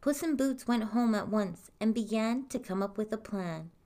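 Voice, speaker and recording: A woman reading a fairy tale aloud in a calm, even storytelling manner. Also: a little high, normal speed.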